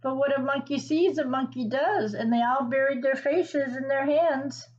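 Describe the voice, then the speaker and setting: A woman reading a picture book aloud to children, pausing to ask them questions and explain words. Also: high voice, muffled recording. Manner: gentle teacherly asides and questions to the listener. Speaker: children's story reader.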